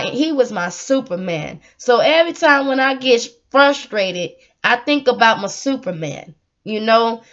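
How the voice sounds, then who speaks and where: Earnest high-voiced woman sharing her story. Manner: earnest, heartfelt, repeats herself for emphasis. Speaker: vlogger. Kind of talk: emotional personal storytelling. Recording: dull lo-fi audio.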